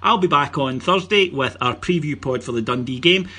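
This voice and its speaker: A Scottish man hosts a casual football podcast, with a bright, forceful voice that has a husky edge. He jokes, teases his guests and rattles off plugs and announcements. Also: a little high, animated, moderate pace. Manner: jokey, teasing, plugs the show. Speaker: podcast host.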